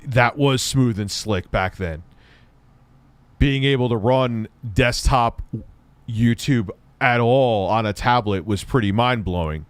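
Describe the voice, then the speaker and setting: A man's voice: mid-range voice, slow pace, smooth, no room sound. A man hosting a live stream, mocking an old tech review with sarcastic, swearing asides. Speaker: host reacting to an old review video. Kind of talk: casual livestream commentary.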